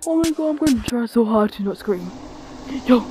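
A woman's voice: on the high side, lively intonation, moderate pace, background noise. A woman reacting to a game trailer at home, gushing and squealing, often dropping to a whisper. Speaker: youtuber. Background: trailer music.

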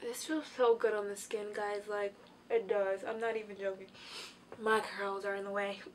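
A tired young woman casually reviewing a beauty product while sitting on the floor at home, chatty and excitable, with lots of fillers. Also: mid-range voice, normal speed, a little hiss or hum. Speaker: beauty vlogger.

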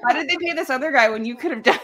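American woman, bright voice, slightly high, teasing, casual book chat. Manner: teasing, quick to joke.

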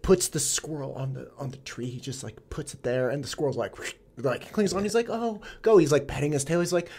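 A man's voice: mid-range voice, a little fast, slightly rough. A man with an American accent hosting a podcast, telling stories animatedly and acting out quotes. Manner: animated storyteller, acts out quotes. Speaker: podcast host. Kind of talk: casual podcast conversation.

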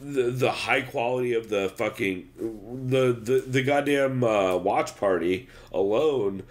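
A man's voice: mid-range voice, unhurried. Profane, rambling male podcast co-host. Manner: loose, profane, rambling with restarts. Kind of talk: casual podcast chat.

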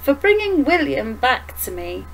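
A woman reading aloud and voicing a gentle, grieving elderly mother who talks softly and slowly. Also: high-pitched, big pitch swings, vocal fry, a little hiss or hum, pitched above the performer's own voice, heavily acted. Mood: warm. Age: older. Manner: soft, slow and tender.

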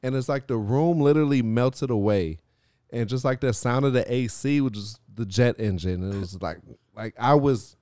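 A man hosting a podcast, telling animated stories in casual chat, swearing and laughing often. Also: mid-range voice, normal speed, clean tone, dry recording, studio quality. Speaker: podcast host.

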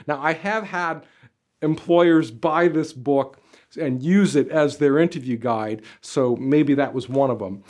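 A man giving job interview advice straight to camera as a career coach, talking in an animated, emphatic way with lots of casual fillers. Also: a little high, moderate pace. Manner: animated, emphatic, gestures with arms and body; conversational, many "you know" fillers. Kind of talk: direct-to-camera advice video.

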